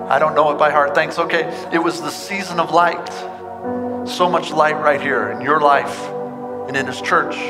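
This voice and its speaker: Earnest preaching man, loud music behind. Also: fairly high pitch. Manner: earnest and conversational, with many restarts. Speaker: pastor. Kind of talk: sermon. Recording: long hall reverb, loud music behind.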